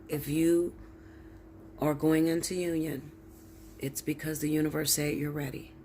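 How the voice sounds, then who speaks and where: A woman's voice: low voice, little pitch movement, unhurried, pauses often, darkish tone, slight background noise. A woman tarot reader ranting straight to her viewers, blunt, preachy and heavy with swearing. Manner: blunt, profane, emphatic, preachy. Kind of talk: ranting direct-to-camera monologue.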